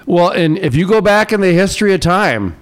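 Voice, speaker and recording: A man's voice: sits high, expressive, fairly quick. A man hosting a talk radio show, chatting casually, cracking puns and rambling with fillers. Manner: joking, punning, rambling with fillers.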